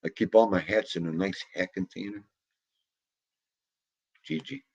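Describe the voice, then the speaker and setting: A man's voice: sits low, expressive, a little slow, vocal fry, darkish tone, slightly rough, highs cut off. A man, chatting casually and jokingly in a rambling way while talking to his dog. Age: 50s. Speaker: vlogger. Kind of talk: casual chat.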